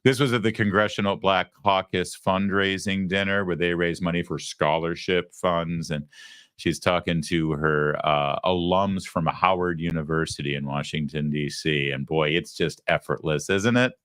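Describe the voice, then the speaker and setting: A man hosting a political talk show, giving mocking, animated commentary. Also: deep voice, normal speed, clean tone, no room sound, clean studio sound.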